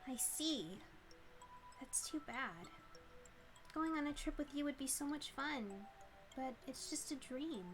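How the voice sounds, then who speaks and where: A woman voicing an excitable teenage schoolgirl while reading a visual novel aloud, bubbly and prone to flustered outbursts. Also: high-pitched, measured pace, over music, voice pushed up. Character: excitable cheerful teenage girl student.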